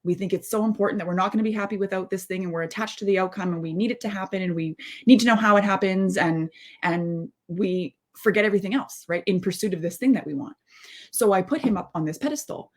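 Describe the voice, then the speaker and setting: A woman's voice: medium pitch, fast talker. A woman in her thirties giving a candid live-stream monologue as a mindset coach, rambling and heartfelt, with many asides and restarts. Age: 30s. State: close to tears.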